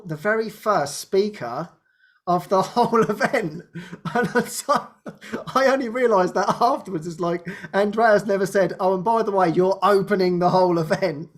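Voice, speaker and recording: A man with a high-pitched voice hosts an online spiritual show over a video call microphone, sharing a personal story in a casual way. He rambles and laughs often, dropping to a soft hush at tender moments when he speaks as Jesus.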